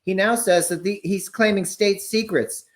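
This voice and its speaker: A man's voice: high voice, fairly even intonation, normal speed. Chatty podcast man explaining news. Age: 40s. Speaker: podcast co-host. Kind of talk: casual political chat.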